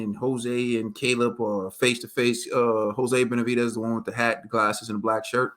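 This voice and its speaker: Male co-host, casual talker, bright tone, repeats points, easygoing commentary. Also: medium pitch, little pitch movement, fairly quick, hardly any pauses. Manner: laid-back, conversational, repeats himself. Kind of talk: casual commentary over video.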